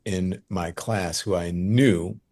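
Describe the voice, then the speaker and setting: Male guest, 50s, from Louisiana, very low pitch, lively storyteller. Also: slow pace. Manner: animated, lively storyteller who acts out quoted voices. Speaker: guest journalist. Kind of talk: conversational interview storytelling.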